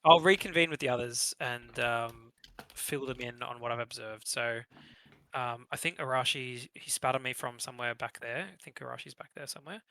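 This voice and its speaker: Gravelly-voiced man player. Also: mid-range voice, normal speed, bright, forceful tone, poor audio. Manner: rambling, many fillers. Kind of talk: playing a tabletop game.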